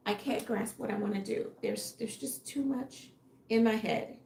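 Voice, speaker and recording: A woman, a fashion designer, musing aloud in a casual live stream with a tired, fading voice, halting and unsure of her next step. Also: fairly high pitch, warm tone, a little hiss or hum. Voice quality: gravelly. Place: home workroom. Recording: echoey room.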